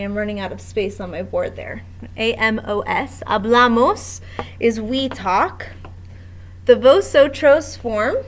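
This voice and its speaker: A woman's voice: a little high, fairly bright tone. A woman teaching a Spanish grammar lesson at a board in a classroom, explaining step by step with patience.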